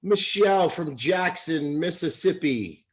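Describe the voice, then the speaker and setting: A man's voice: on the high side, lively intonation, a little slow, poor audio. Hype male livestream host. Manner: upbeat, hype. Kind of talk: livestream shout-outs.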